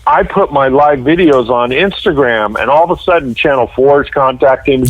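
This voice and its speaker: Guy from northern california telling a wild story on a podcast, dry sound, mid pitch. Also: normal speed, no room sound, poor audio. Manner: animated storyteller, mimics voices in quotes. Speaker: guest writer. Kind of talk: casual podcast chat.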